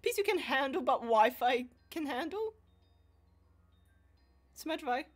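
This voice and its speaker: A woman livestreaming and playing games, chatting casually, swearing freely and swinging from quiet mumbles to loud screams. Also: sits high, expressive, measured pace, faint music behind. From Australia. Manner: swears freely, self-mocking. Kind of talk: casual streaming chat.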